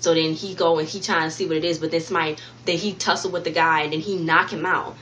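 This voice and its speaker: A woman's voice: deep voice, fairly even intonation, fast talker, fairly bright tone, a little hiss or hum. Rambling woman recapping a TV episode. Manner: rambling, repeats and restarts while retelling the plot; talks directly to viewers. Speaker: TV review vlogger. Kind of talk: casual spoken episode recap.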